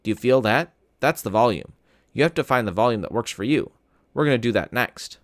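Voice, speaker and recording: A man's voice: medium pitch, expressive, fairly quick, no echo, studio quality, close to an everyday voice. A man reading aloud, voicing a friendly, upbeat ear doctor who reassures a boy in a playful way. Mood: reassuring.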